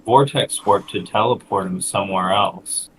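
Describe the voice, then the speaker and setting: A man playing in a tabletop game, speaking in a measured way and asking questions about the scene. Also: fairly low pitch, rough recording. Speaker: player.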